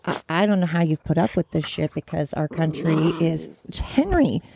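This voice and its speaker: A woman's voice: sits low, fairly even intonation, brisk, vocal fry, lo-fi sound, a crowd in the background. A woman hosting a solo podcast from home, ranting in a profane, rambling, worked-up way. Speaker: podcast host. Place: at home with her dogs.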